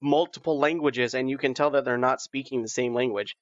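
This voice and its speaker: A man's voice: medium pitch, steady tone, a little fast. A man co-hosting a podcast in casual chat, eager and teasing, pushing the others with questions. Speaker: podcast co-host. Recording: dull, dry lo-fi mic.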